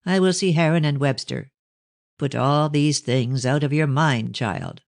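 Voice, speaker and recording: A man reading an audiobook, voicing a stern, cold older gentleman speaking to his daughter. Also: on the high side, lively intonation, unhurried, gravelly, no echo, clean studio sound.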